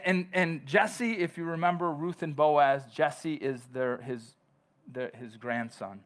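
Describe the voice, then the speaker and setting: A man's voice: mid-range voice, a bit bright. A male pastor preaching a sermon in a conversational way, with frequent restarts and long scripture readings. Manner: reads scripture aloud.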